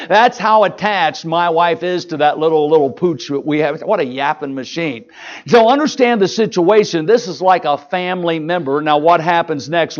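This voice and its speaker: A pastor preaching a sermon, folksy and emphatic, mixing jokes with rising exhortation. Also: male voice, sits high, highs cut off.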